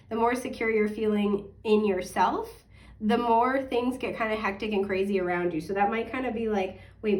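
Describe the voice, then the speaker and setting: A woman giving a casual weekly tarot forecast to her viewers, rambling with lots of fillers, correcting herself and apologizing with a laugh. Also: medium pitch. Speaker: astrology and tarot reader. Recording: voice a bit distant from the mic.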